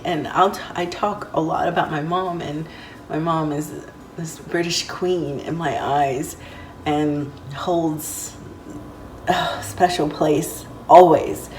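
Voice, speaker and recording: A woman's voice: low-pitched, a little slow, a little mellow, slight background noise. A woman telling personal stories in a casual vlog, rambling and heartfelt, with many fillers. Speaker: vlogger. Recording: roomy, distant mic, faint ambience.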